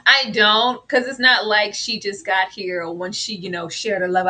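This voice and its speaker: A woman co-hosting a TV review show in casual chat, animated and laughing as she acts out characters' lines. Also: mid-range voice, normal speed, hardly any pauses.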